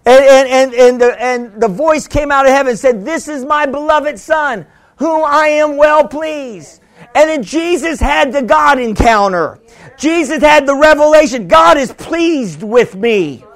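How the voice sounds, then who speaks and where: A man preaching a sermon as pastor, with sudden shouts and many repeated words. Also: very high voice, a little slow.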